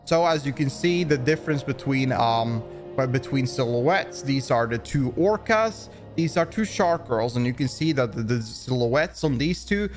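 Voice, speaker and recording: A man's voice: medium pitch, lively intonation, normal speed, over music. A man giving opinion commentary, rambling along with frequent restarts and fillers. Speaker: commentary YouTuber.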